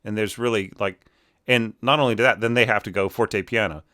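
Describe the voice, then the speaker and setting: A man's voice: on the low side, fairly even intonation, fairly quick, sharp tone. Chatty man singing musical phrases. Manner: chatty, filler-heavy, sings phrases with nonsense syllables. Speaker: orchestration teacher giving feedback. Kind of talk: casual spoken critique of a score.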